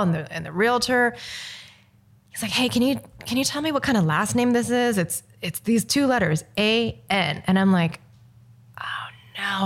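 A woman from Los Angeles, a filmmaker, telling a story as an interview guest and acting out the dialogue. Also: mid-range voice. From Los Angeles, United States.

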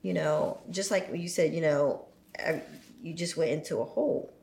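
A low-pitched woman with a gravelly edge talks thoughtfully. Faint background noise sits under her voice. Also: normal speed, a little mellow, reverberant. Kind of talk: casual conversation.

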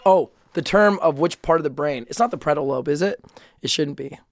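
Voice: mid-range voice, fast, dry recording. Jokey, laughing podcast co-host, dry sound. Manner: jokey, laughs a lot, swears casually. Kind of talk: casual podcast chat.

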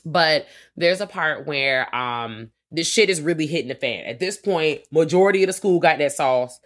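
A man's voice: a little high, moderate pace, a bit bright. A man co-hosting a casual film-review podcast, talking loosely with plenty of slang, swearing and filler words. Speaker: podcast co-host.

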